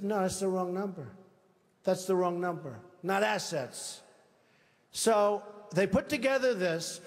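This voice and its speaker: An older man running for president, giving a boastful, repetitive campaign speech and acting out imagined phone calls. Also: high-pitched. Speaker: presidential candidate. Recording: long reverb of a large hall.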